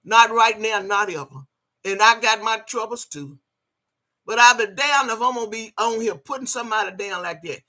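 Directing her anger squarely at a person she disapproves of, an older woman video blogger delivers ranting commentary at a moderate pace. She sounds sharp and forceful with a voice on the high side, cursing liberally and repeating phrases to drive each point in.

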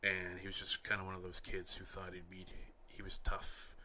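A young man from Canada hosting a podcast, telling wry, rambling anecdotes in a deadpan way. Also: sits low, normal speed, slight background noise. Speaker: podcast host. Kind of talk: casual storytelling.

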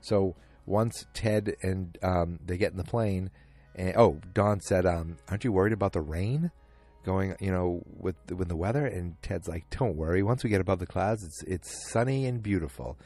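Low, husky man rambling through a recap. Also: normal speed, a little mellow, dry recording, faint music behind. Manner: rambling, retells scenes with quoted lines, many ums. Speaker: podcast host recapping a TV episode. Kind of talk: casual solo recap.

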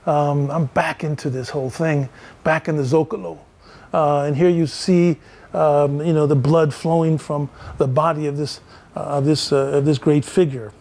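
An older man, a professor, giving a storytelling lecture with lively anecdotes and acted-out dialogue. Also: a little high, normal speed. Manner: animated anecdotes, acts out quoted dialogue.

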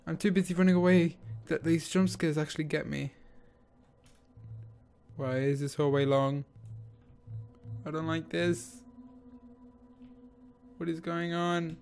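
A man's voice: fairly high pitch, fairly even intonation, measured pace, vocal fry, long pauses, darkish tone, faint music behind. A young man nervously narrating his own horror game playthrough, talking to himself and asking the same questions again and again. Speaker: gaming YouTuber. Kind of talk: horror game let's play commentary.

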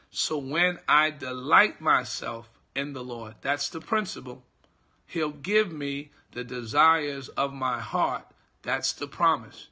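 Slow, bright-voiced man preaching. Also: a little high. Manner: slow, repetitive teaching with call-and-response checks; greets viewers by name mid-sentence. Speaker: pastor. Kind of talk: live-streamed devotional teaching.

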